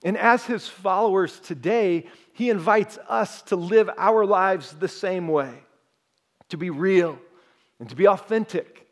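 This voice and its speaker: A male pastor preaching a sermon in a relaxed, conversational way, joking and talking directly to his congregation. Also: high voice, a little slow. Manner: conversational, jokes and talks to the congregation.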